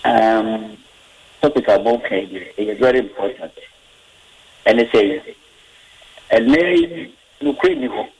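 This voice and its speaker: A man with a Ghanaian accent calling into a radio show and telling a story with animated delivery. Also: on the low side, unhurried, long pauses, rough recording. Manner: animated storyteller, code-switching. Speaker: radio caller. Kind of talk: phone-in storytelling.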